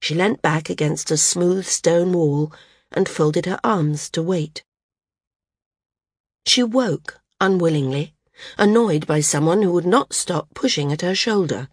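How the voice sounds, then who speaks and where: A woman reads a novel in measured, even narration. Her voice is fairly low and has a husky texture. The recording is dry and close, with no room sound. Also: no echo. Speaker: audiobook narrator. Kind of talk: scripted narration.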